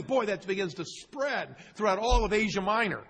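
A man's voice: high voice, big pitch swings, moderate pace, few pauses, fairly bright tone. A male pastor preaching an expository sermon, who quizzes his congregation and repeats key words for emphasis. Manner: asks the congregation questions, emphatic repetition. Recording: long hall reverb, husky.

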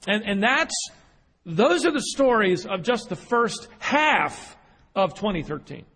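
A man's voice: sits high, big pitch swings, slow, a bit bright, husky. A man delivering a sermon, telling a story with frequent restarts and repeated words, then building to emphatic peaks. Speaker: preacher. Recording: hall reverb.

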